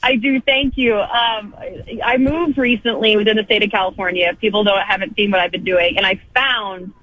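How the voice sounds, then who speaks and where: A woman in her thirties, a guest on a radio show by phone, telling stories with lively self-deprecating humor. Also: mid-range voice, normal speed, muffled recording. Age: 30s. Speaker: guest, football TV host. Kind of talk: casual radio interview by phone.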